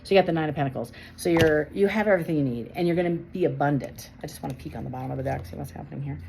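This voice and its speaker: A woman in her forties with a low voice reads tarot cards in a casual, chatty way. She is emphatic and animated, hammering points home by repeating them. A faint hiss of noise sits under her voice. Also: racing, gravelly. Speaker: tarot reader. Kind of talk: casual tarot reading with personal storytelling.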